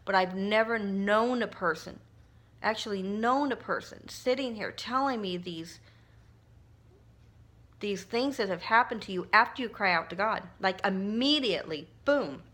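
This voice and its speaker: A middle-aged woman speaks in a casual vlog while she works on a craft project. She tells her story in a heartfelt, emotional way, often restarting sentences. Her voice sits at an ordinary pitch for a woman. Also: unhurried, fairly bright tone. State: tearful at times. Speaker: crafting vlogger.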